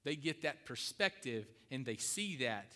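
A man's voice: medium pitch, expressive, unhurried, bright, forceful tone, big-room sound. A middle-aged man preaching a sermon, emphatic, repeating key phrases and asking his congregation questions. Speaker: pastor.

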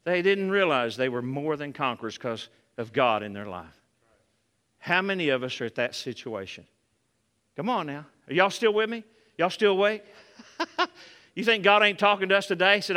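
A man preaching a sermon in an animated way, calling out to the congregation as he goes. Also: high-pitched, normal speed, pauses often, smooth. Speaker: pastor. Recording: long hall reverb.

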